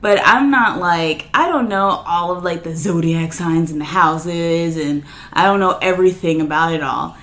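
A woman's voice: lowish voice, normal speed, few pauses, a bit bright. A young woman co-hosting a podcast, chatting casually in a teasing, giggly way. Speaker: podcast co-host. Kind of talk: casual chat.

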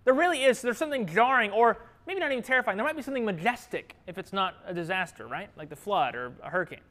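Speaking fast in a high voice, this preacher gives a relaxed, conversational sermon and keeps asking the room questions. His delivery moves from bright and raised to quiet and reflective, and he stays lively and friendly, laughing readily.

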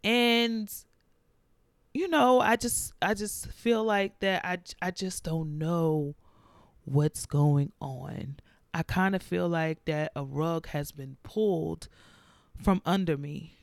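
A woman's voice: fairly low pitch, slow pace, no room sound. A woman hosting a faith podcast, talking candidly and reflectively about her own struggles in a confessional monologue. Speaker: podcast host.

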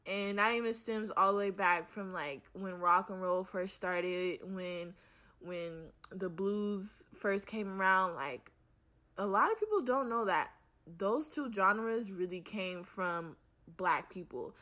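A woman's voice: medium pitch, takes it slowly. A young woman, talking frankly to camera in a casual rant, exasperated, swearing freely and filling her speech with "like". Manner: frank and profane, heavy use of "like"; animated, exasperated. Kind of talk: casual ranting monologue to camera.

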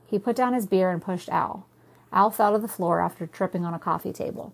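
A woman reading her novel aloud in a steady, plain storytelling voice. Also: medium pitch, brisk, gravelly. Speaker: reader, narrator.

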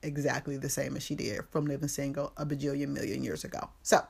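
A low-pitched woman recaps a movie for her podcast, swearing freely and using plenty of slang. She talks casually and acts out the characters' lines as she goes. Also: little pitch movement, fast, gravelly, darkish tone, husky. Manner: profane, slangy storytelling with quoted voices. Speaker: podcast host.

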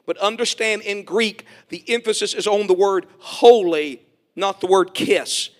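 A middle-aged man preaching a sermon. He calls for amens, jokes folksily, and swells to shouts. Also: high voice, a little slow. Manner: folksy, joking asides.

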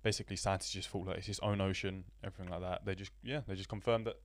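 A young man co-hosting a casual podcast, talking in a laid-back way that drifts quieter. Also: deep voice, steady tone, very fast, dry recording. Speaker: podcast co-host.

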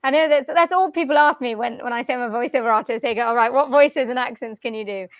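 A British-accented woman from Wales, a voiceover artist and singer, chatting upbeat and easily in an interview from a quiet corner of her lounge on a directional mic with a pop shield. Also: a little high, dry recording, muffled recording. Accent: general British. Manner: chatty, upbeat, quick to laugh. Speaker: voiceover artist and jazz vocalist. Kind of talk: casual interview chat.

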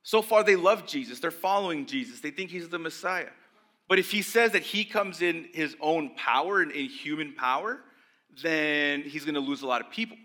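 Bright, lively young preacher. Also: male voice, a little high, normal speed. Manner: conversational, animated, acts out voices of religious leaders. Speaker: pastor. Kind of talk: sermon.

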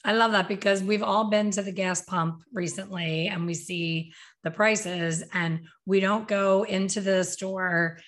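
A woman co-hosting a casual podcast chat about salon work, lively and animated as she acts out clients. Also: medium pitch, unhurried. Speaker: co-host, salon coach.

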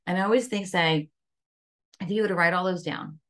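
Woman, lowish voice, casual podcast guest, chatty, keeps checking in with "right?". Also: brisk, a bit bright. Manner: conversational, frequent "like" and "right?" fillers. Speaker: podcast guest, wellness coach.

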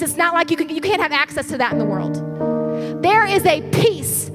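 A woman's voice: very high voice, lively intonation, moderate pace, soft background music. A woman preacher delivering an urgent, passionate sermon to her congregation, often calling out "listen".

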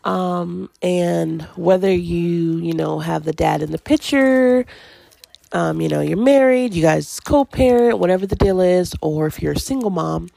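Casting: laid-back woman podcast host, slightly low, gravelly voice, rambling and laughing, dry close sound. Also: a little slow, warm tone, no room sound. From Washington. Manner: chatty, laughing, many fillers. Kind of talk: casual parenting chat. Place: at home with a toddler.

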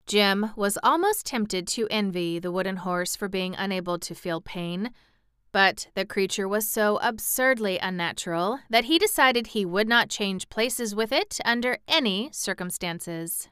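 A woman narrating a children's storybook aloud in a measured way, with the odd wry aside. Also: medium pitch, a bit bright, clear, resonant tone, no room sound, clean studio sound.

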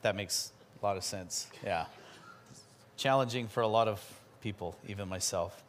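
A man, a pastor, preaching a sermon and telling a personal story in a lively, chatty way. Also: lowish voice, slight background noise. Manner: animated storytelling with quick asides.

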